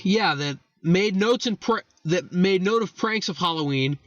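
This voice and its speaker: A man's voice: on the high side, moderate pace, vocal fry, a bit bright, dry recording, rough recording. A young man hosting a casual history talk, rambling, correcting himself and swearing for emphasis. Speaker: host.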